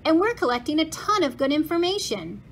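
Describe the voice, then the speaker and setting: A level-headed schoolboy leader speaks calmly, a little lower than the reader's own voice, as a woman reads his lines. He keeps the storybook team on track. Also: a little fast, slight background noise.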